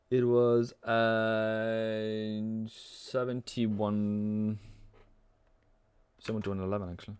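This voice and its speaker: A man's voice: lowish voice, clean tone. A young man, rambling playfully through a live trading stream, joking and humming between market calls. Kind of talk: casual live-stream commentary.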